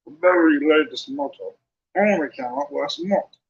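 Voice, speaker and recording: A man voicing an older schoolboy team captain who brags in a careless, slow way. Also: fairly high pitch, lo-fi sound, lightly acted. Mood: bragging.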